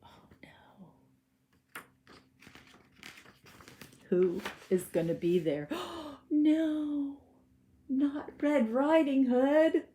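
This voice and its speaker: Slow expressive teacher reading aloud. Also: female voice, high-pitched. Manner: expressive, gasping, stage whispers to children. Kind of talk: children's read-aloud lesson.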